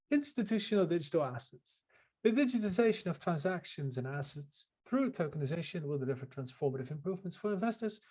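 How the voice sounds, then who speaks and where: Joking man reading aloud, fairly high. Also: a little mellow. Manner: jokey, stumbles and repeats words. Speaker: podcast co-host. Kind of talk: casual chat, reading text aloud.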